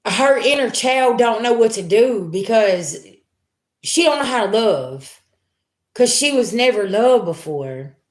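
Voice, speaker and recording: A woman's voice: a little high, expressive, slow pace. A woman giving a live spiritual reading as a psychic, talking in a blunt, emphatic, slangy way. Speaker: psychic reader. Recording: roomy echo.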